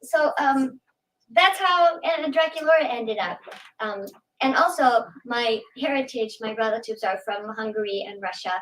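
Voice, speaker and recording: Woman on a panel, high voice, teasing, heard from a distance. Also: normal speed, a bit bright, a little hiss or hum. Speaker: voice actor on a panel. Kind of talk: casual panel chat. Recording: far from the mic.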